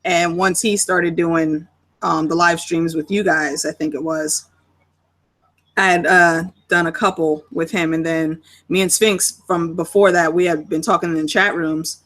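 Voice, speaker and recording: A woman's voice: on the low side, fairly even intonation, measured pace, fairly bright tone. A woman YouTuber chatting casually on a livestream and swearing now and then. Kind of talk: casual chat.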